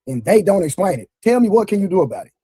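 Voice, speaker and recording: A man's voice: sits high, big pitch swings, quick pace, warm tone, husky, no echo, faint music behind. A man moderating a panel on a streamed show, answering pushback defensively. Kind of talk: clip of a live panel stream.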